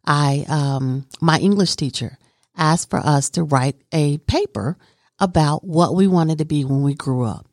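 A woman with a low voice tells her story to an interviewer. She speaks with earnest conviction and stresses her points. The sound is dry and close. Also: unhurried, a little mellow, no echo. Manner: earnest and emphatic, talks with conviction. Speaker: guest.

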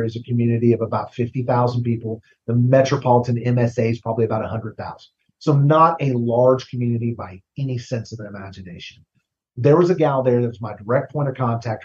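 A man working as a recruiting consultant, talking casually as an interview guest, often restarting words and tagging sentences with a quick question. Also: medium pitch, a little mellow, muffled recording. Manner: conversational, repeats words, tags "right?".

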